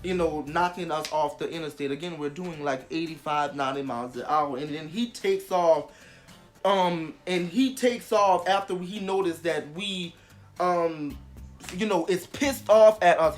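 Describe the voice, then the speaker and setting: A young vlogger telling a story casually, animated and emphatic, with heavy swearing. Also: mid-range voice, normal speed, faint music behind.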